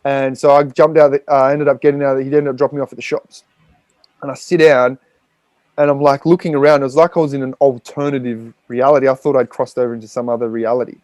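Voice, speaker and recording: A man's voice: medium pitch, flat delivery, quick pace, a little mellow, no room sound. An Australian man, a podcast guest, telling a raw personal story with frequent swearing and rambling fillers.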